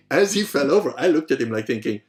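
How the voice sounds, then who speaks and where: A man's voice: medium pitch, moderate pace. Man telling a story in casual podcast talk. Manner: animated, swears casually, acts out quoted voices. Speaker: podcast host.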